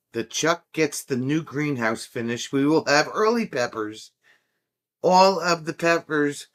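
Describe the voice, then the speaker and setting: A man's voice: a little high, animated, slow pace, pauses often, a bit bright. A man hosting a casual livestream, reading out viewer chat and joking around with a playful manner and frequent laughter. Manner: jokey and playful, laughing often.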